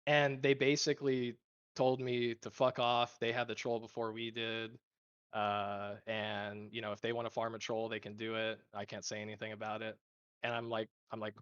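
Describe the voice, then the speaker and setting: A man's voice: on the low side, level tone, moderate pace, fairly bright tone, smooth, no room sound, dull audio. A man who leads a gaming guild, answering interview questions in a casual, rambling way, swearing freely and acting out what others said. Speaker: guild leader.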